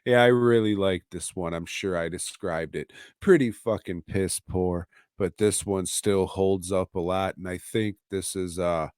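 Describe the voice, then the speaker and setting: A man's voice: sits low, fairly even intonation, a little mellow, smooth, dry recording, studio quality. A man hosting a podcast from home, recapping a show in a casual, profane, offhand way. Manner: profane, offhand, slow and drawling. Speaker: podcast host reviewing a TV episode.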